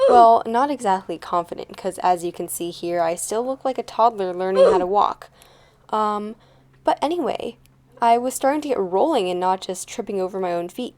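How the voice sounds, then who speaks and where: A teenage girl with a medium-pitched, slightly mellow voice narrates her own vlog as a casual voice-over. She's chatty and playful, often making fun of herself.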